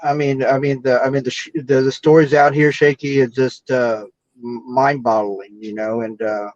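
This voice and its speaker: A man from Texas telling a story in a halting way, full of fillers and restarts, over a video call. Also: medium pitch, flat delivery, darkish tone, no echo. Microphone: computer or phone mic on a video call. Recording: dull lo-fi video call audio.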